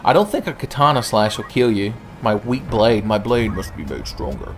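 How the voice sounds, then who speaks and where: A man's voice: on the low side, sing-song, normal speed. A young man giving profane, jokey commentary while playing a strategy game, slipping into silly voices. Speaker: gaming channel host. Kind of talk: let's play commentary.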